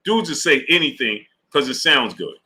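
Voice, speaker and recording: Animated, bright-voiced man hosting a live stream. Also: medium pitch, normal speed. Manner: animated, talks to chat viewers by name. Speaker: sports live-stream host. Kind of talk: casual live-stream commentary.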